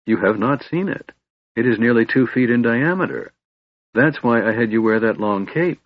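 A man voicing a determined young elven princess who gives quiet, urgent instructions. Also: medium pitch, lively intonation, normal speed, dry recording, muffled recording, voice pushed up, natural voice. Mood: firm.

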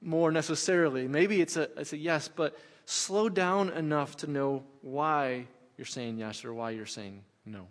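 A pastor delivers a sermon in a long, reverberant hall, his fairly high voice moving along unhurriedly with few pauses. He preaches conversationally, returning again and again to the same phrases.

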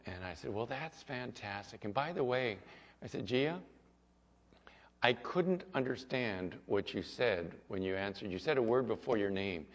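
A male pastor preaching a sermon and telling a story, moving between loud passages and hushed ones. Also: lowish voice, lively intonation, moderate pace. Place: church sanctuary. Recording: echoey hall, dull lo-fi sound.

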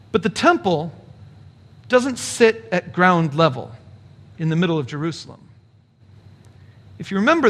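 A middle-aged man, a pastor, preaching a sermon in a conversational way, explaining points and adding rhetorical asides. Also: high voice.

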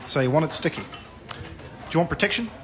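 A man playing a smug, pushy male barista, firing off brisk questions. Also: on the high side, lively intonation, dull audio, voice pushed down, lightly acted. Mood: badgering.

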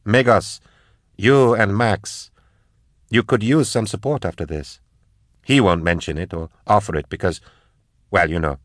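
A steady woman pilot from an audiobook speaks in a measured, matter-of-fact way, dry and caring, as a male narrator puts her on. Her lines come a little higher than the narrator's own low voice, close and without room sound. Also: no echo, close to an everyday voice. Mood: earnest.

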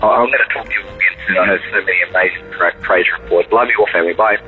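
A man calling in with an enthusiastic, halting praise report full of fillers. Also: low-pitched. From Sydney, Australia. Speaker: caller. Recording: tinny phone line, faint music.

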